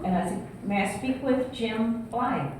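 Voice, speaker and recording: A woman's voice: on the high side, a little slow, a little hiss or hum. A woman speaking at a church singles event, telling a personal story with laughter and acted-out voices. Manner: animated, laughing, acting out voices in her story. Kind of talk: storytelling talk to an audience. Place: church hall with audience. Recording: echoey church hall from a distant mic.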